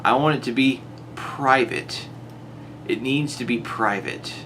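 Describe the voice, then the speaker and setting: A man's voice: medium pitch, slow, pushed and bright, a little hiss or hum. A man delivering an exasperated monologue to a rival YouTuber, his voice jumping up on rhetorical questions. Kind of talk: monologue to camera.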